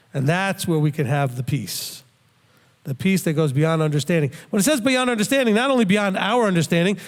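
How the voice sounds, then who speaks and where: A middle-aged man with a fairly high voice, teaching scripture in an earnest, conversational way. He is plain-spoken and often restarts or repeats a word as he works out his thought. His voice rings with a long reverb, as if recorded in a hall. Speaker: Bible teacher.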